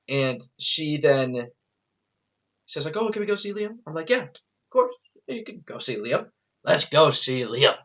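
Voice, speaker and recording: Speaking straight to his camera, a young vlogger spins a rambling story in a casual video. His medium-pitched delivery is animated and loose, packed with filler words, swearing and bursts of laughter.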